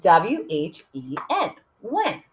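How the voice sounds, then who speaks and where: This teacher speaks slowly at a medium pitch, walking young students through writing by sounding out each letter in a lilting sing-song. Her delivery jumps to excited calls at times and softens almost to a whisper for quiet sounds.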